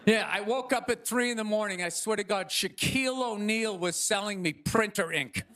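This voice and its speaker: A male stand-up comedian ranting with exasperated bursts of shouting, on stage before a live audience. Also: high voice, moderate pace. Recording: audience laughter and noise.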